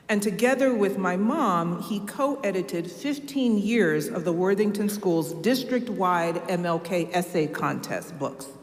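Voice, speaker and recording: Woman keynote speaker, low-pitched, earnest and measured delivery, reverberant church sanctuary. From Ohio, US. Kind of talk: formal speech. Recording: echoey hall with long reverb.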